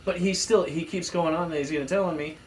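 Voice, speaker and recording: A man in his thirties tells stories on a casual podcast, and he acts out every quoted line with sudden leaps up in pitch. His voice sits in the middle range. He is heard from some way off the mic, with a faint hiss behind him. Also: quick pace. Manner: animated storyteller, acts out quotes with jumps in pitch. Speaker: podcast co-host. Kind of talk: casual storytelling chat. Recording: distant mic with faint room noise.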